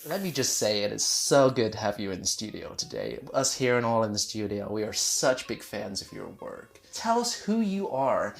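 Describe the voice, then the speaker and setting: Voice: mid-range voice, very animated, normal speed, creaky, hardly any pauses. Someone doing a gushing talk-show host. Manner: fawning, over-the-top. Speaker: interviewer. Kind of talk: improvised comedy sketch. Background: faint sitar music.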